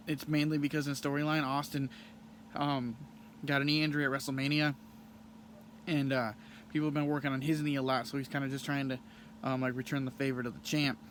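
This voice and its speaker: A young man hosting a podcast, recapping and reviewing a match in a casual, rambling way with many pauses and restarts. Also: a little high, slight background noise. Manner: rambling, frequent ums and restarts.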